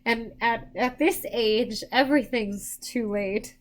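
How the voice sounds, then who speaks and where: Yawning and worn out, a woman doing psychic readings for a live stream audience rambles casually, frequently starting over. She speaks slowly in a voice that's a little high.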